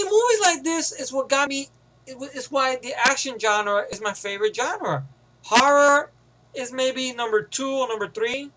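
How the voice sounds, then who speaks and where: Man, New York accent, high-pitched, rambling movie review, swears a lot, wanders off topic. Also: a bit bright, low-quality recording. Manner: rambling, profane, easily sidetracked. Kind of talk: casual rambling film review.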